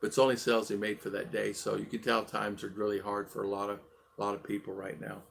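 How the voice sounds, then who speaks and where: Male live-stream host, gravelly voice, friendly and rambling, halting with lots of fillers. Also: lowish voice, monotone, a little hiss or hum. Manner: friendly, greets viewers one by one. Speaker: livestream vlog host. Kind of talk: casual live chat greeting viewers.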